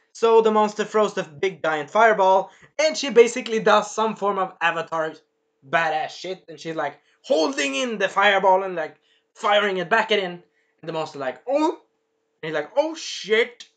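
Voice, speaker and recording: An animated man chatting through an episode recap with a bright, forceful voice set slightly high. He swears freely and breaks into acted lines and sound effects as he goes. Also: normal speed. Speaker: show reviewer.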